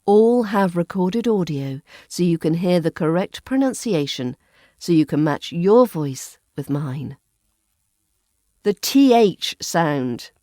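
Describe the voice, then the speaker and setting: Slow, precise RP British woman. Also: lowish voice, expressive, dark tone, no room sound, clean studio sound. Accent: RP British English. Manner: careful, precise enunciation. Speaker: accent coach and podcast host. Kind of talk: scripted podcast lesson.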